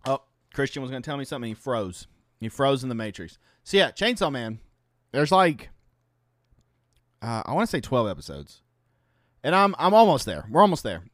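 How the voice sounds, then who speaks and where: A man co-hosting a podcast, chatting casually and telling stories in an animated, exaggerated way. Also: mid-range voice, moderate pace, long pauses, dry recording. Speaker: podcast co-host. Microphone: podcast mic.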